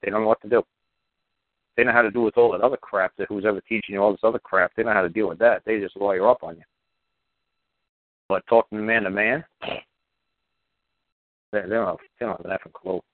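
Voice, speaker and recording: A man's voice: fairly low pitch, steady tone, brisk, pauses often, no room sound. A man hosting a call-in radio show, talking in a blunt, profane, rambling and emphatic way, over a tinny phone-like line with dry sound.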